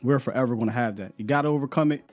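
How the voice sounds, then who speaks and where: A relaxed man hosting a live podcast, chatting loosely with lots of slang and repeated words. A little music plays faintly in the background. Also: mid-range voice, very fast. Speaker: podcast host. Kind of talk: casual live-stream chat.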